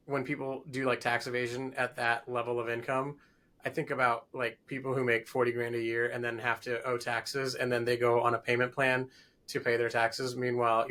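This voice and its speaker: A man co-hosting a podcast in a mid-pitched voice. He chats casually, asking questions and tossing in wry, sarcastic jokes. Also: fairly bright tone. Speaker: podcast co-host. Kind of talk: casual chat.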